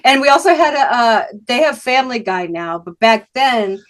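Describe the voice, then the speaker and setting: A woman who grew up in Massachusetts, hosting a casual chat, laughing often and chiming in with quick agreement. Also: fairly high pitch, animated. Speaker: podcast host.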